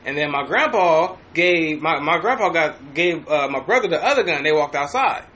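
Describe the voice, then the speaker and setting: A man with a high, bright voice tells a story on a casual podcast. He talks in an animated way, full of profanity, and often stops to restart his sentences. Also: normal speed, slight background noise. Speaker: podcast host.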